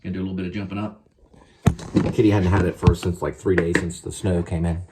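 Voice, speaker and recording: A man's voice: low voice, flat delivery, quick pace, very noisy. A man rambling casually in a vlog, trailing off and talking to his cat as he goes. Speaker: vlogger.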